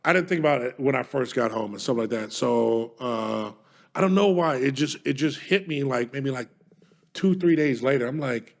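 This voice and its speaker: Guy on a podcast, gravelly voice, swears a lot, punchy storytelling. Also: mid-range voice, expressive, normal speed. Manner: profane, storytelling, emphatic. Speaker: podcast co-host. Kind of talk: casual chat.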